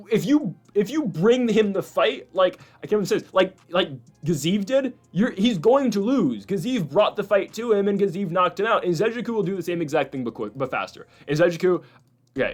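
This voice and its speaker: A man hosting a casual talk show, rambling and opinionated, with many restarts and asides. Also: on the high side. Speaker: host. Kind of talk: casual chat.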